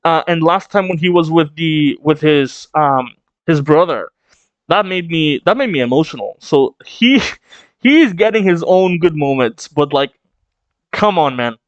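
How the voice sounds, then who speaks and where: A young man reacting to a comic chapter he reads aloud, excitable and swearing, laughing often. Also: fairly high pitch, unhurried, no echo, highs cut off. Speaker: reaction streamer. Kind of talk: casual reaction reading.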